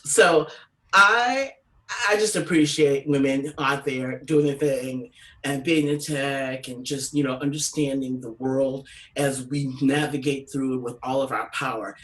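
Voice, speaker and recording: A woman comedian doing an animated stand-up storytelling set, salty and quick to act out other people's voices. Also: rumbling low, far from the mic, rough recording. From San Francisco Bay Area.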